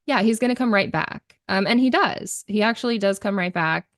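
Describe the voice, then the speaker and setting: A woman's voice: mid-range voice, brisk, dry recording, clean studio sound. A woman guest on a podcast, telling a personal story with animation and acting out the dialogue she quotes. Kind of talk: conversational storytelling.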